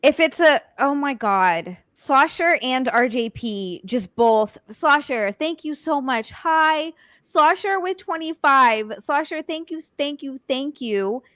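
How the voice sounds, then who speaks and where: A giggly young woman hosts a casual live stream, thanking her viewers and cursing offhand. Her bright, fairly high voice sits close to the mic with a dry sound. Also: expressive, slow, hardly any pauses, dry recording. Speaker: streamer host.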